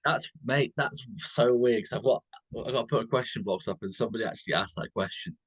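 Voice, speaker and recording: A man's voice: medium pitch, quick pace, slightly rough, no room sound. A young man, a podcast guest, eagerly telling a story in casual chat and saying "mate" constantly. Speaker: podcast guest, bodybuilding coach.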